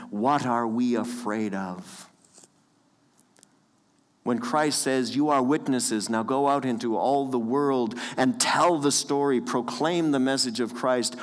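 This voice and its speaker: Unhurried pastor preaching in a reverberant church. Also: male voice, mid-range voice. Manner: earnest, with light chuckles and repeated phrases. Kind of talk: sermon. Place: church sanctuary.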